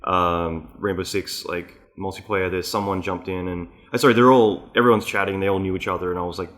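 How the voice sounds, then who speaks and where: Rambling Australian man hosting, low voice. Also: brisk. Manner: rambling, animated storyteller who swears casually. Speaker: podcast host. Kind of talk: casual interview chat.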